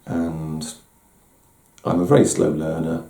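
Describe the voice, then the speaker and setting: A man's voice: extremely low pitch, monotone, slow, dark tone. A middle-aged man giving a candid, self-deprecating personal talk as host, often restarting his words. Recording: roomy echo.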